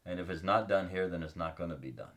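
Reading scripture aloud on a casual faith podcast, this male co-host explains it earnestly while pausing with ums to find his spot. His deep voice is fast and a bit bright.

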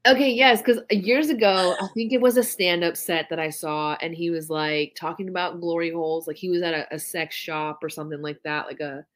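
A woman's voice: fairly low pitch, brisk, few pauses. A woman co-hosting a podcast, telling stories casually and swearing freely. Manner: swears freely, animated storytelling. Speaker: podcast co-host. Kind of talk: casual chat.

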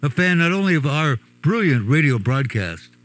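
A man's voice: a little high, big pitch swings, moderate pace, fairly bright tone. A man hosting a radio talk show, joking around and laughing often as he chats.

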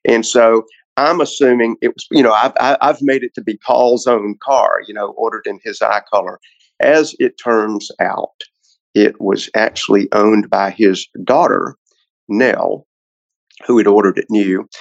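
Gravelly low-voiced man telling stories. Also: steady tone, unhurried, no echo, muffled recording. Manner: rambling storyteller with many restarts. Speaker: guest car collector. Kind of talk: casual podcast storytelling.

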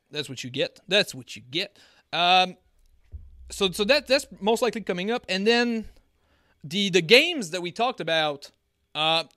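A man's voice: high voice, sharp tone, no echo, clean studio sound. A man with a French accent co-hosting a casual hobby podcast, rambling and joking with lots of fillers and restarts. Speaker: podcast co-host. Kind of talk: casual chat.

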